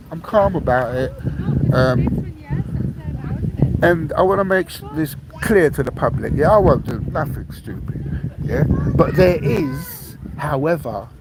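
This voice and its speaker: A man's voice: a little high, a little mellow, a little hiss or hum, low-quality recording. A man, hosting a podcast monologue, repeating himself, swearing, and ending lines with "yeah?". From England, raised in London. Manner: repetitive, tags statements with "yeah?"; blunt and defiant, swears. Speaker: podcast host. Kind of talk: rambling monologue to listeners.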